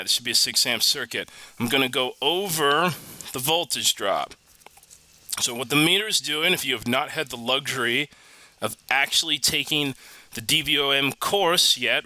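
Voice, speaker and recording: Bright, joking man teaching car electrics. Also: mid-range voice, rough recording. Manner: casual, joking, animated teaching with asides. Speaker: automotive instructor. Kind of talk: recorded online lesson.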